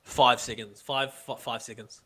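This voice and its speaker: A man's voice: medium pitch, level tone, normal speed, bright, forceful tone. A man playing a comedy quiz over a video call, loose and swearing, blurting out guesses. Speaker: quiz contestant. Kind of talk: casual banter on a comedy quiz.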